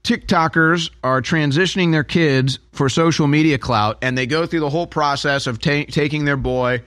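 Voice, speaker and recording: A man's voice: a little high, moderate pace, fairly bright tone, no room sound, clean studio sound. A man hosting a commentary show, talking in a sarcastic, mocking way. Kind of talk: political commentary.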